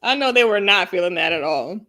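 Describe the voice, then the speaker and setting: A woman's voice: lowish voice, fairly quick. A young woman co-hosting a casual live review chat over a video call, laughing often and telling stories with energy. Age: young adult. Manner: laughs often, animated storytelling. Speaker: co-host.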